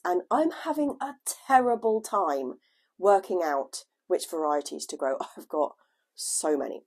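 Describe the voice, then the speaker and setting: A woman chatting casually at home on her gardening vlog, her voice lowered by a cold, laughing at herself now and then. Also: darkish tone, breathy edge. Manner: chatty, self-deprecating, laughs often. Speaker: gardening vlogger. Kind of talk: casual chat. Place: at home indoors, at a desk.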